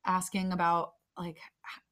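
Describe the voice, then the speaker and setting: Young woman, panelist, earnest casual storytelling, lowish bright tone. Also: completely flat delivery, unhurried. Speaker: event panelist. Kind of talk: casual chat.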